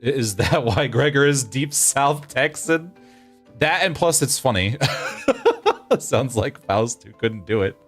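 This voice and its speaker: With soft music behind him, a male streamer in his thirties talks slowly to his audience during gameplay. His medium-pitched voice has lively intonation. He rambles, laughs often and keeps restarting his sentences.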